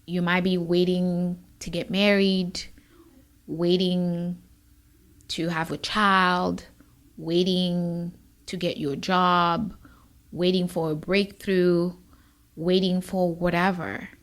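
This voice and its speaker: An immigration attorney hosts her own podcast and shares an earnest personal testimony, emotional and close to tears at times while staying encouraging. Her voice is fairly low, her delivery flat, and her pace slow.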